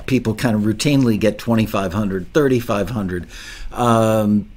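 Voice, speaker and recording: A man's voice: lowish voice, moderate pace, darkish tone. A man hosting an interview podcast, chatty and enthusiastic, with frequent restarts. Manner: enthusiastic, talkative, many restarts. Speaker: podcast host. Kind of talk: casual interview chat.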